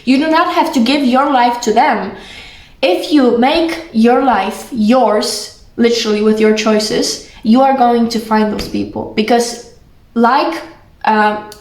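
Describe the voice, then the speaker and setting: Brief: young woman, affectionate chatty vlogger, higher voice, roomy echo. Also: takes it slowly. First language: Polish. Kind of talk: casual heartfelt talk to camera.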